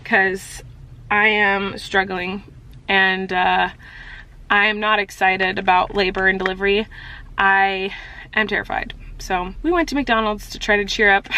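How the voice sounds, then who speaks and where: Bright-voiced young woman vlogging. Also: medium pitch, rough recording. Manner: rambling, heavy use of "like". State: upset. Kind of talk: confessional vlog talk.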